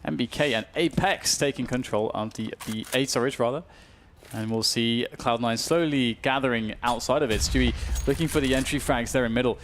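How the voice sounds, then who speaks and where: A man with a British accent calling live esports play-by-play, talking fast and rising to excited shouts on big plays. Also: medium pitch. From United Kingdom. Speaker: esports caster. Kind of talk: play-by-play commentary. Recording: clear background noise.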